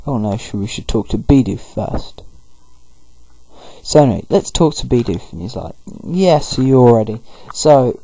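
A man's voice: mid-range voice, gravelly, darkish tone, husky, dry recording, rough recording. Rambling man narrating gameplay. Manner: rambling, paraphrases characters in quick throwaway voices. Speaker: gameplay commentator. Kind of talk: casual let's-play commentary.

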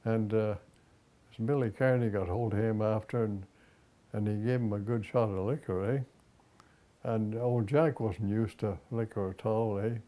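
A man's voice: lowish voice, fairly even intonation, a little slow, mellow. An older man, reciting an old ballad and telling a rambling folk anecdote. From Upper Ottawa Valley, Canada. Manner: folksy, rambling, tag questions. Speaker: storyteller.

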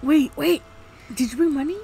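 A young woman hosting a game video, chatting excitedly and gasping at every surprise. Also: sits high, moderate pace, vocal fry. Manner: excitable, gasping, easily startled. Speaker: gaming video host. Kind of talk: roleplay gameplay commentary. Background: spooky background music.

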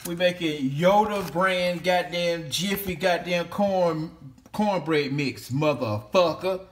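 A man's voice: high-pitched, slow pace, a little hiss or hum. A man in a casual cooking vlog, cursing freely and rambling while he talks to a toy. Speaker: home cook vlogger.

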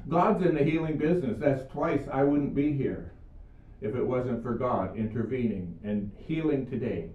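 A man's voice: mid-range voice, normal speed. An older man giving an earnest sermon, telling Bible stories and his own healing story. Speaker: preacher. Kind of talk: video sermon. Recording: echoey room, far mic, phone-like sound.

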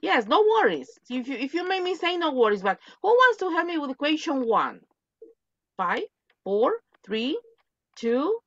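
A woman English teacher leads a lesson over a video call, reading aloud and having students repeat after her. Her voice sits a little high and moves a lot in pitch. The call audio is dry and a touch muffled. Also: big pitch swings, a little slow. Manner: drills pronunciation, switches between English and Spanish. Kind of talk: online English lesson for Spanish speakers.

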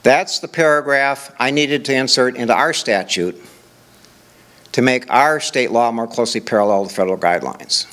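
A man's voice: medium pitch, moderate pace, a bit bright. An older man from Minnesota giving a conversational conference presentation, walking through examples with rhetorical questions. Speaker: conference speaker.

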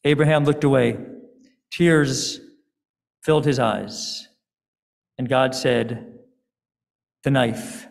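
A male rabbi narrates a sermon story slowly and deliberately. His voice is gravelly and slightly high. A long reverb from the sanctuary follows every phrase. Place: synagogue sanctuary.

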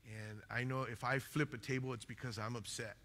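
A man preaching a sermon as pastor, talking loudly and passionately, acting out little stories as he goes. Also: mid-range voice, a little fast, long reverb tail. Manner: loud, passionate, animated storytelling. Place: church sanctuary.

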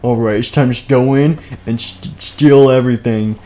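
A man's voice: medium pitch, steady tone, normal speed, warm tone. Rambling, goofy young man streaming. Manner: rambling, self-interrupting, goofy. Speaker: streamer narrating a game role-play. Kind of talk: live-stream game narration. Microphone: desk microphone.

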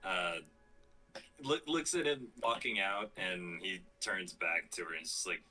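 A man playing a tabletop game who asks quick questions about the scene. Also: low-pitched, bright, forceful tone, faint music behind, low-quality recording. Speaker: player. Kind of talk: tabletop role-play.

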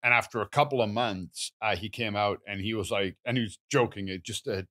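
A man co-hosting a gardening podcast, giving confident advice and telling animated stories. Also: fairly low pitch, a little fast. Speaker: gardening expert co-host. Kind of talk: casual podcast chat.

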